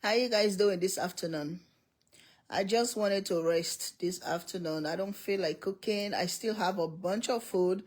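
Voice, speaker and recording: A woman's voice: mid-range voice, a little slow, darkish tone. A middle-aged woman hosting a casual livestream from home, greeting viewers by name and laughing often. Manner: laughs often, calls out viewer names one by one.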